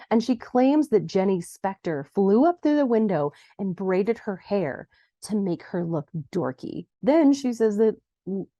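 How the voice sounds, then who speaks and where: A young adult woman casually recapping a TV episode, chatty, bursting into higher voices for quoted lines. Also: mellow, no room sound. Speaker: podcast host recapping a TV episode.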